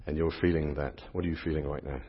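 A man's voice: very deep voice, fairly even intonation, fast talker, husky. A middle-aged English priest giving a playful, interactive sermon and teasing his volunteers. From England. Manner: playful, teasing, chatty with the congregation. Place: church. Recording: dull lo-fi sound with long church reverb.

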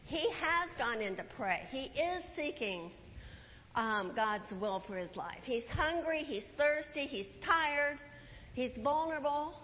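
Woman preacher, sermon; high voice, unhurried storytelling with rhetorical questions; dull church recording with long reverb. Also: lively intonation, a little hiss or hum. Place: church sanctuary.

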